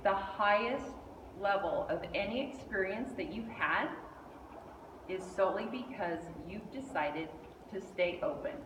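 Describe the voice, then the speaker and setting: A middle-aged woman giving a lively storytelling speech, acting out the voices of the people in her story. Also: mid-range voice, a little slow, distant mic, background noise. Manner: animated, acts out quoted voices. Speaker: speaker at a speech club. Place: meeting hall indoors. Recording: echoey hall, mic from afar.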